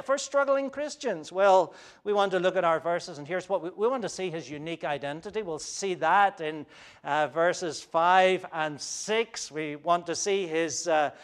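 Male pastor, higher-pitched clear voice, earnest sermon delivery with restarts. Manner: earnest preaching with frequent restarts and fillers.

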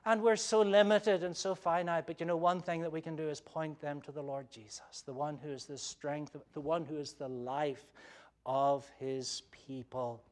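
A man's voice: fairly high pitch, steady tone, normal speed. A man preaching a sermon as pastor, earnest and pleading, with frequent "uh" fillers and restarts.

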